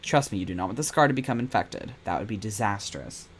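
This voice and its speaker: A man playing a gentle British vet assistant. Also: on the low side, animated, fast talker, slight background noise, natural voice. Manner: gentle, coaxing. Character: earnest young male vet assistant.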